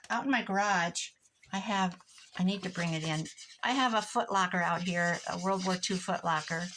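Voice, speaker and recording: A middle-aged Iowa woman crafts at home and chats in a loose, rambling style, drifting from one tangent to another. Her voice is medium-pitched and fairly bright, with a slight hiss or hum in the audio. She's a crafter vlogger.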